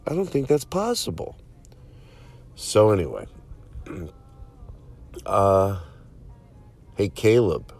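A man's voice: lowish voice, wildly swooping pitch, very slow, vocal fry, pauses often, darkish tone, husky, faint music behind. A man hosting his own show, rambling through a profane, self-mocking comedic monologue full of asides. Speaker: comedian podcast host.

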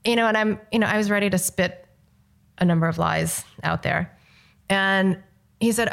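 A woman's voice: medium pitch, moderate pace, vocal fry, fairly bright tone. A woman from Los Angeles, a filmmaker, telling a story as an interview guest and acting out the dialogue. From Los Angeles, United States.

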